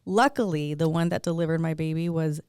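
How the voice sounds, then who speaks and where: Young woman, podcast host, candid chatty storytelling, smooth clear voice, dry close sound. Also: low-pitched, fairly quick, a little mellow, dry recording. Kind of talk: casual chat.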